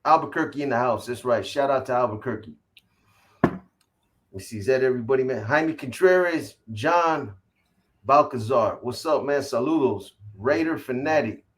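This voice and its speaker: A man hosting a casual livestream, reading off viewer names in quick shout-outs and slangy greetings. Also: mid-range voice. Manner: rattles off viewer shout-outs, slangy, calls people boy. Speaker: livestream host.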